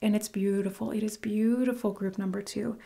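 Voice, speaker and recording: A woman's voice: medium pitch, steady tone, moderate pace, gravelly, warm tone. A woman hosting her own channel, giving an earnest, gushing tarot reading to camera and dropping to a whisper for emphasis. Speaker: tarot reader, channel host. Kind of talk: casual spiritual reading to camera.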